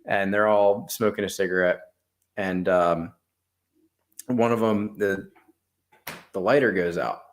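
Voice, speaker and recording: A young man with a slightly low voice, chatting loosely as a podcast co-host. He rambles, laughs easily and tells groan-worthy dad jokes in a relaxed, unscripted way. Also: slow pace, long pauses. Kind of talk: casual chat.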